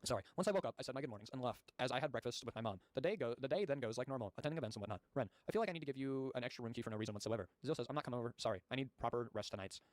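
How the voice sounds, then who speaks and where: A man's voice: medium pitch, expressive, rapid-fire, few pauses, no echo. A man streaming, reading chat logs aloud and adding blunt commentary, with casual swearing.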